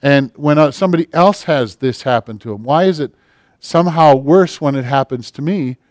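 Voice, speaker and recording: A man's voice: a little high, moderate pace, a little mellow, no room sound, clean studio sound. A male pastor preaching a conversational sermon, asking the congregation questions and acting out the prayers people pray.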